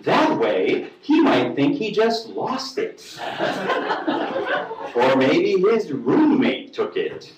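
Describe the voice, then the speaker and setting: A man's voice: fairly high pitch, huge pitch swings, very slow, a crowd in the background, full character voice. A man voicing a blunt reckless buddy. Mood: scheming. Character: reckless young male drug-using buddy. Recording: echoey room, distant mic.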